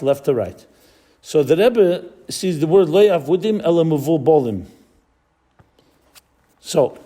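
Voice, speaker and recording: Male rabbi, lecture delivery, somewhat high pitch, explains patiently and mixes in Hebrew and Yiddish terms while searching for words. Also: mellow. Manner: stops often to search for the right word. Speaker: rabbi teaching a class.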